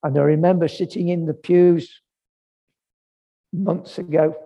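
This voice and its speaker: Slow, gravelly preacher man. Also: fairly high pitch, dark tone, lo-fi sound. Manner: measured, emphatic repetition. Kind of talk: sermon.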